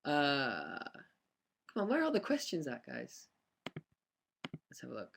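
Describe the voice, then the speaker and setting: A man's voice: medium pitch, huge pitch swings, unhurried, gravelly, a bit bright, a little hiss or hum. A young man, chatting casually on a live stream and answering fan questions with lots of ums and laughs. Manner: chatty, rambling, laughs often, many ums.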